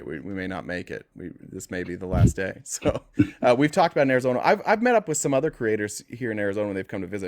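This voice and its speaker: A man with a lowish, fry-tinged voice hosts a call-in podcast, chatting casually with callers. He teases them and laughs often.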